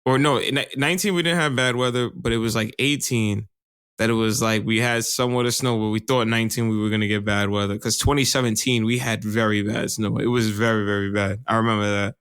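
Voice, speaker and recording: A man's voice: fairly low pitch, fairly even intonation, fairly quick, a bit bright, smooth, no echo, clean studio sound. A man co-hosting a podcast in casual, rambling chat, swearing and laughing often. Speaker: podcast co-host.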